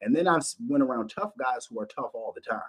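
Talking fast with lively intonation and a breathy edge, a livestream host from Minnesota holds forth at medium pitch. He's blunt and profane, looping back over the same points in a loose monologue.

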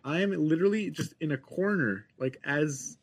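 A man's voice: a little high, normal speed, breathy edge. A man co-hosting a casual podcast chat, joking around, swearing freely and laughing often. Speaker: podcast co-host.

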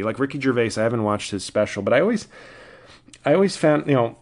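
Gravelly-voiced man ranting about comedy. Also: medium pitch, lively intonation, fast, a little mellow. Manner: rambling, frequent restarts and fillers, exasperated. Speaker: podcast host and comedian. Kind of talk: casual solo monologue.

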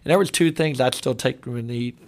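A man with a gravelly, creaky voice, telling stories in a studio podcast chat. He jumps into quoted voices and puts real feeling into them, and his pitch sits in the middle range for a man. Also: fairly quick. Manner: animated storyteller acting out quoted voices. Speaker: podcast guest. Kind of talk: casual storytelling chat.

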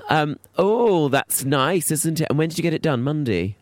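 A man's voice: on the high side, animated, moderate pace. A man co-hosting a podcast, camp and teasing in casual banter. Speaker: podcast co-host. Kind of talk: casual chat.

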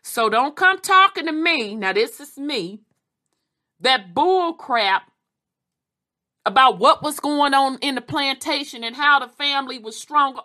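A woman reading history aloud and adding animated, casual commentary. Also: high voice. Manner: animated, quick asides, Southern Black vernacular.

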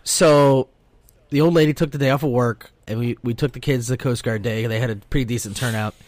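Dry, animated man telling stories. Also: medium pitch, a little fast, dry recording. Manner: animated, profane, quotes people in voices. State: sleep-deprived. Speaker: podcast co-host. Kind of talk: casual storytelling chat.

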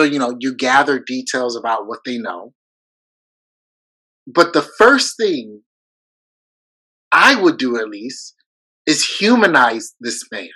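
A man co-hosting a podcast, talking through classroom ideas in an earnest, casual way. His voice is bright and forward. He often breaks off and restarts mid-thought as he works out what to say. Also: medium pitch, low-quality recording. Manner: earnest, thinks aloud with restarts. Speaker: podcast co-host, teacher. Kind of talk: casual conversation.

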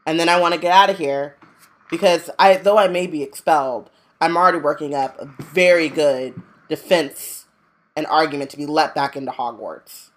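A woman voicing a bossy, impatient know-it-all schoolgirl in a casual impression, speaking curtly in a lowered voice. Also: moderate pace, close to an everyday voice. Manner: curt, self-assured, lowered voice. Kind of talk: casual impression while chatting about a book.

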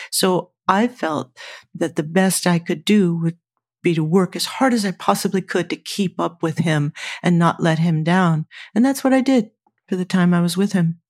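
Low-voiced woman telling vivid anecdotes. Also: no room sound, studio quality. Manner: lively anecdotal storytelling with quoted voices. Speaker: guest, former studio engineer and scientist. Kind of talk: interview storytelling.

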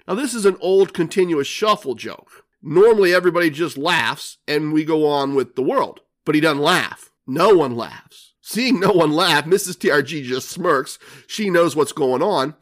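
An older man hosts his own podcast and tells a casino story in a dry, wry way. His voice sits slightly higher than most men's. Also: lively intonation, normal speed, fairly bright tone. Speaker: podcast host.

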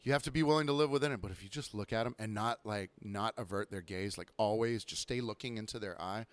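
A young man hosting a podcast, ranting profanely about bartending and customers, now and then mimicking them in a higher voice. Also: fast talker, dry recording. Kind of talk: casual podcast rant.

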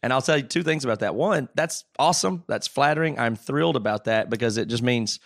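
Male podcast host, casual chat, emphatic, mid pitch, studio mic. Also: lively intonation, fairly quick, gravelly. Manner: emphatic, restarts when worked up.

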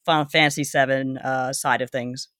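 A man's voice: mid-range voice, level tone, normal speed, pushed and bright, dry recording, clean studio sound. A man in a casual podcast chat, making sarcastic quips.

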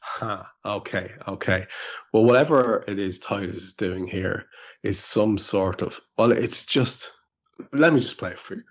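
A man's voice: lowish voice, unhurried, dull audio. An Irish man hosting a podcast, chatting wryly and telling stories from his home in rural Ireland. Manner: chatty, wry, storytelling. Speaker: podcast host. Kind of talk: casual chat.

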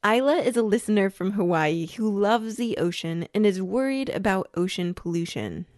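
A woman co-hosting a science podcast for kids, explaining things in a clear, upbeat way. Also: mid-range voice, animated, normal speed, darkish tone, no room sound, clean studio sound. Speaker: co-host.

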